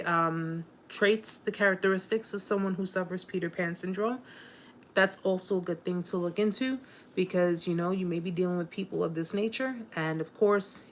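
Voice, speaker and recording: Woman doing a live chat w viewers, kinda low voice, lots of ums, gets emotional, super encouraging. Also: a little hiss or hum. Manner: warm, rambling, with many fillers and restarts.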